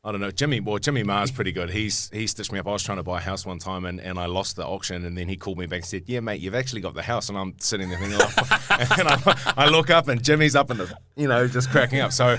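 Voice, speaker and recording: A man's voice: fairly low pitch, quick pace, hardly any pauses, bright, forceful tone, a little hiss or hum. A man with a New Zealand accent telling stories on a podcast, rambling with many fillers and restarts. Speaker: guest rugby player. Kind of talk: casual podcast storytelling.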